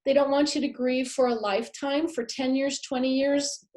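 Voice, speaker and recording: A woman with a fairly high voice teaches a live masterclass, speaking earnestly to her audience. She leans hard on key phrases and repeats them for emphasis. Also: fairly even intonation, normal speed, a little mellow. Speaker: pet afterlife speaker.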